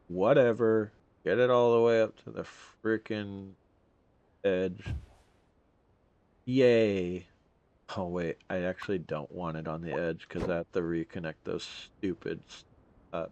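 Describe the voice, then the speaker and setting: A man's voice: low-pitched, vocal fry, a little mellow, muffled recording. A young man giving casual gameplay commentary, rambling and complaining in exasperation as he plays.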